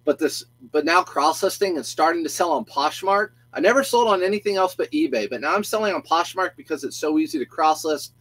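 A man's voice: on the high side, expressive, brisk, few pauses, a bit bright, poor audio. A middle-aged man, a reseller chatting casually on a live stream, goofy and talkative, greeting viewers by name and stumbling over his own restarts.

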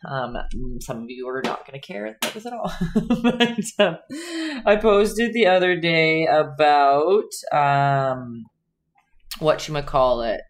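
A woman's voice: low voice, slow, a little hiss or hum. A young woman hosting a live painting lesson, chatting casually with viewers in the chat as she works. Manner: chatty, talks to chat viewers while teaching. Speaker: painting instructor and livestream host.

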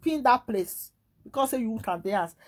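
A woman with a Nigerian Pidgin English accent, talking in a rambling, animated casual monologue full of rhetorical questions. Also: a little high, moderate pace, husky.

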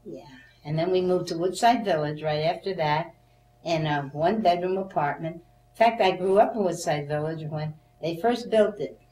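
Speaking at a normal speed with a fairly low pitch, an older woman is interviewed about her memories for an oral history. Animated and quick to laugh, she performs the voices of the characters, and the sound is echoey, a bit off-mic, with a faint hum.

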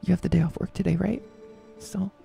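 A man doing a timid creaky little boy. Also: high voice, steady tone, fairly quick, mellow, pitched above the performer's own voice. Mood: shy. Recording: game music faintly behind.

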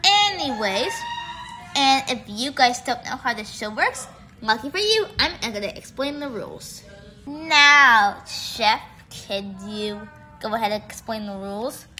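A woman hosting a homemade reality-show roleplay in a bubbly, excitable way. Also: on the high side, a little slow, soft background music. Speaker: show host.

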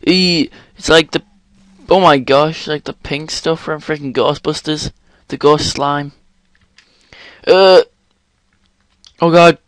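A young man commentating a game he is playing, excitable, exclaiming and swearing often. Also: a little high, slow, pauses often, no room sound. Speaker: gaming channel host. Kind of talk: let's play commentary.

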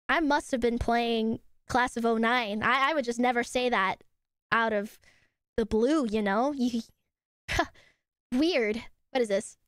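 A woman streamer chatting casually on a live stream, laughing often, swearing freely and bursting into excited shouts. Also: high-pitched, a little slow, clean tone, no room sound, clean studio sound.

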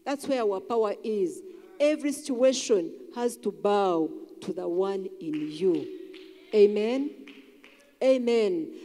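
A woman's voice: on the high side, mellow. Woman preaching in a reverberant hall. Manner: earnest, repetitive preaching with acted-out inner voices. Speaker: church elder preaching. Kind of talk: sermon. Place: large church hall. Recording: long church hall reverb.

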